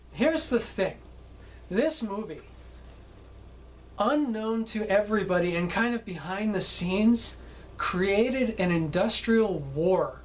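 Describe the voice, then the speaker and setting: A man's voice: sits high, a little hiss or hum, poor audio. A film director telling stories from a film shoot in a chatty way, often tagging his sentences with "okay?" and laughing at his own tales. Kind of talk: anecdotal storytelling.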